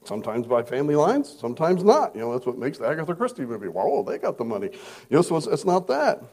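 Lively high-voiced pastor preaching. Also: male voice, quick pace. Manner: conversational, acts out quoted voices. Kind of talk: verse-by-verse sermon. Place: church service.

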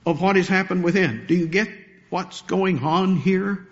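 A man preaching a sermon, animated and rising to emphatic peaks as he builds his points. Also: sits high, moderate pace, muffled recording. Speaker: pastor.

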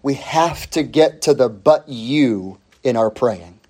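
A man preaching a sermon, emphatic, stretching key phrases out slowly and rising sharply on the points he stresses. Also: mid-range voice, a little mellow. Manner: emphatic, with slow drawn-out phrases and sudden rises.

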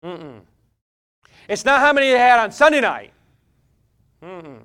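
A male pastor preaching a sermon, swinging from loud exhortation down to hushed intensity and back. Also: very high voice, sing-song, a little slow, clear, resonant tone.

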